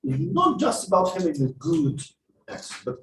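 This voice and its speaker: A man's voice: sits high, moderate pace, reverberant, recorded from a distance, slight background noise, low-quality recording. A man giving a masterclass on speaking skills, explaining and acting out examples to a class. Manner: lively, explanatory, acts out examples. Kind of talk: masterclass lecture. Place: classroom or lecture hall.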